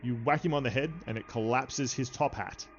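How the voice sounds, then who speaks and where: A man running a tabletop game as game master, narrating in a relaxed way with frequent filler sounds. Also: medium pitch, fairly quick, muffled recording, faint music behind.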